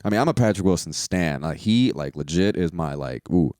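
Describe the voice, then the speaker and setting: A man's voice: deep voice, very animated, fairly quick, hardly any pauses, no echo, studio quality. A young man giving a casual, profane movie review, rambling with lots of fillers and mocking scenes in put-on voices.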